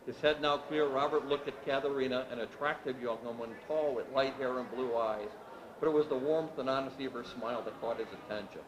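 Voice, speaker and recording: A man reading his novel aloud at a literary event, with steady, measured narration. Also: medium pitch. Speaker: author reading his work. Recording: echoey room with background noise.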